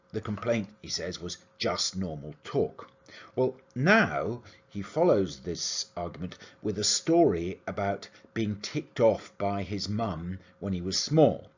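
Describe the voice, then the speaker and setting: A man giving an academic lecture as a university lecturer, explaining an analysis in a steady, methodical way. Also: lowish voice, breathy edge, dull audio. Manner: explanatory, analytical delivery with lively intonation.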